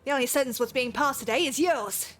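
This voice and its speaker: A woman putting on a bloodthirsty pirate villain, rough put-on pirate accent, drawled menacing taunts, fairly high voice, for a game read-along. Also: brisk.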